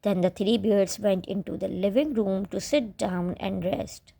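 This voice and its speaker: Woman storyteller, children's tale read aloud, very slow, soft mellow tone. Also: mid-range voice, gravelly.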